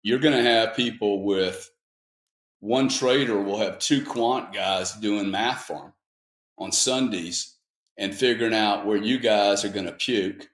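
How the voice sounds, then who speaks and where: A man's voice: lowish voice, measured pace, fairly bright tone, reverberant. A man speaking as a guest panelist, rambling and emphatic in an opinionated discussion.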